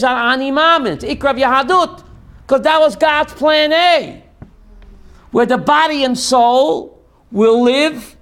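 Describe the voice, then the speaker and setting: Rabbi guy teaching a class, real high voice, slow, quizzes the room as he goes. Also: vocal fry. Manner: call-and-response, asking the class "what?"; animated, drops into quoted voices. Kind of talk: teaching a class on Jewish theology.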